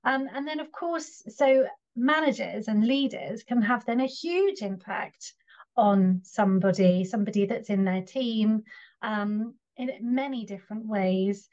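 A woman's voice: a little high, a little mellow. A woman hosting a podcast interview, encouraging her guest and asking follow-up questions with occasional fillers. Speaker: podcast host. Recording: slightly dull lo-fi sound.

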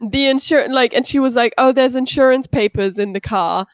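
A woman's voice: high voice, normal speed, no echo. A woman co-hosting a podcast, telling stories in casual chat and acting out quotes. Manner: expressive, acts out quotes, laughs. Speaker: podcast co-host.

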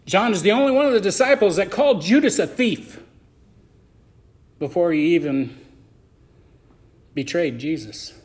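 A man with a fairly high voice gives a sermon in church as the pastor. He moves between loud, drawn-out emphasis and quieter asides to his congregation. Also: expressive.

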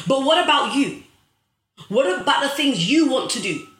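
Young woman, live-stream motivational host, repeats lines for emphasis, bright tone. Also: high-pitched, lively intonation, normal speed, echoey room. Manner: preachy, emphatic, repeats phrases for effect; addresses viewers directly as guys.

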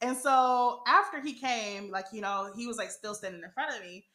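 A young woman talks through a wild personal story for a podcast, swearing freely and breaking into laughs. Her voice sits a little high and bright, and the room around her rings with echo. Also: normal speed. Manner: animated, profane, laughs often. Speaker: podcast host. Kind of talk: casual storytelling chat.

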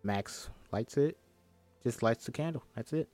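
A man's voice: mid-range voice, lively intonation, a little slow, warm tone, soft background music. A man reads a film script aloud and breaks off for jokey, swearing asides, acting out the characters' lines as he goes.

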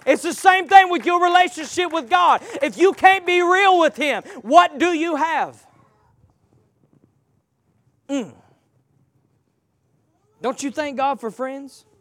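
A man preaching a live sermon. He draws the congregation in with call-and-response questions, swinging from loud passages to hushed ones. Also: very high voice, slow, pauses often.

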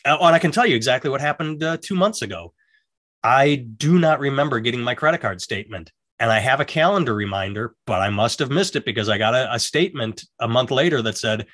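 A middle-aged man chatting casually, with a voice of ordinary pitch. He rambles through stories, restarts his sentences and jumps into the voices of the people he is quoting. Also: brisk, fairly bright tone, dry recording. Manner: rambling, self-interrupting, acts out quoted voices. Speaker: podcast co-host. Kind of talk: casual chat, storytelling.

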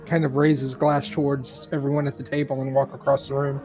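Man player, chatty, mid pitch, light music behind. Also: level tone, a little fast, darkish tone. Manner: chatty, laughs a lot. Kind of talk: casual tabletop play.

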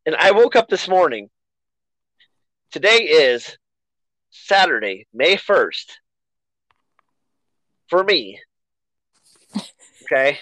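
A man hosting a casual podcast, talking in loose, rambling runs and poking fun at himself. His pitch jumps around a lot as he talks. The sound is close and dry, with no room echo. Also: sing-song, slow, pauses often, a bit bright. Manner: chatty, self-deprecating, rambling. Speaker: podcast host.

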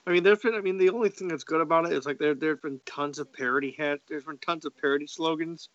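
A man's voice: on the high side, fast talker, fairly bright tone, no room sound, muffled recording. A man co-hosting a casual podcast, rambling with fillers and restarts.

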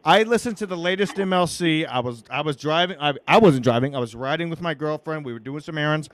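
A man's voice: on the high side, fast talker. A man hosting a crude, casual podcast chat in a laid-back, joking manner. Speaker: podcast host.

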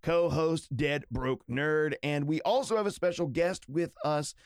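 A man's voice: a little high, unhurried, clear, resonant tone, no room sound, clean studio sound. A man from outside Pittsburgh hosting a casual podcast, laughing often and poking fun at himself. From outside Pittsburgh, Pennsylvania, US. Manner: laughs often, relaxed and self-mocking. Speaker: podcast host.

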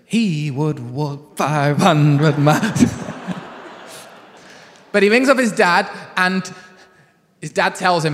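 A man's voice: high voice, slow pace, pauses often, fairly bright tone, long reverb tail. A male pastor, preaching in a chatty storytelling way and laughing easily. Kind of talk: sermon.

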